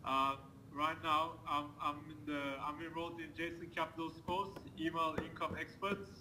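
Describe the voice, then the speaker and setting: A man, an attendee on a video call, talking excitedly and breathlessly. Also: a little high, normal speed, noisy background. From London. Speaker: webinar attendee.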